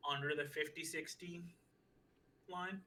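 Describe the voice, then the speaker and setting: A man's voice: on the high side, steady tone, unhurried, pushed and bright, a little hiss or hum, rough recording. A man co-hosting a podcast in casual chat, laid-back, swearing a lot, often acting out quotes with a laugh. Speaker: podcast co-host.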